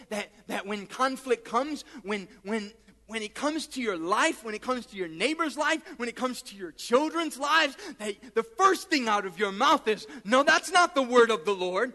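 A male pastor with a very high, bright voice preaches with forceful emphasis and repeats his points. He acts out the quoted dialogue as he goes. His voice rings with a long reverb through a large hall. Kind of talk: sermon.

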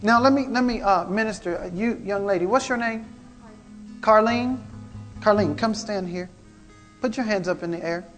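A man's voice: sits high, moderate pace, long pauses. A man preaching a prophetic sermon, fervent and repetitive, calling out to the congregation. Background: guitar music.

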